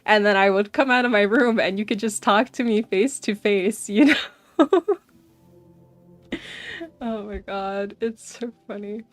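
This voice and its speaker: A woman's voice: medium pitch, a little slow, pauses often, no room sound, faint music behind. A young woman streaming, chatting casually and animatedly with her viewers and often saying "bro". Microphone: desk mic.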